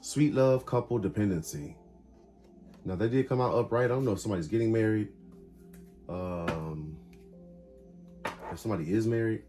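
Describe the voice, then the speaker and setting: A man's voice: lowish voice, normal speed, long pauses, warm tone, faint music behind. A man giving a casual tarot reading, calling out cards in short emphatic bursts. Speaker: tarot reader.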